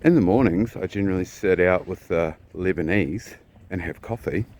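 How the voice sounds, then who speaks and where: A man from New Zealand telling a personal story in a blunt, profane, casual way, often clearing his throat. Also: low voice, normal speed, darkish tone, a little hiss or hum.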